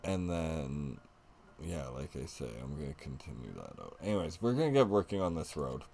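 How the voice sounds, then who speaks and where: A man's voice: very deep voice, very animated, normal speed, vocal fry, a little mellow. A man livestreaming a city-building game, thinking aloud as he plays and easily amused. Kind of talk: casual gaming chat.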